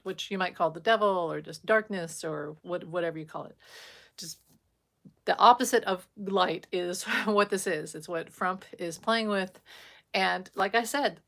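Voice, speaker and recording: A woman's voice: mid-range voice, a bit bright. A woman giving a rambling, emphatic livestream monologue as a spiritual vlogger, talking casually and breaking into short laughs.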